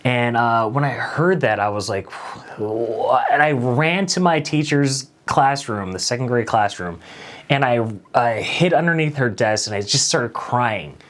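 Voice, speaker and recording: Male host, storytelling monologue, casual and self-deprecating, lively swooping pitch. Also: a little slow. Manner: animated, conversational, self-deprecating. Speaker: late-night show host.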